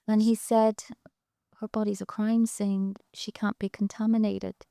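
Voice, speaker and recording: A woman's voice: medium pitch, flat delivery, normal speed, creaky, dark tone, dry recording, clean studio sound. A middle-aged Irish woman, an interview guest, recounting a painful personal story with quoted dialogue, her words raw and urgent at times. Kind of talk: emotional personal account.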